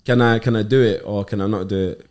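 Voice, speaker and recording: A man's voice: lowish voice, fairly even intonation, fast, darkish tone. Laid-back joking man. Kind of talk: casual podcast chat.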